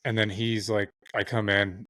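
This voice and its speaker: A man's voice: fairly low pitch, little pitch movement, normal speed, sharp tone, no echo. A young man, a podcast guest, telling a long casual story, rambling and swearing often and acting out what others said. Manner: rambling, heavy swearing, acts out quoted voices.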